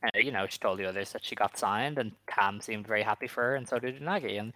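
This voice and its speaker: A man's voice: on the low side, fast, bright, forceful tone, rough recording. A man co-hosting a podcast in rambling casual chat, hesitant and full of filler words. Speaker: podcast co-host.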